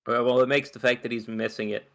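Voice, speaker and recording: A man's voice: medium pitch, fairly even intonation, fast, gravelly, a bit bright. A man player chatting casually during a tabletop game, rambling and trailing off mid-thought.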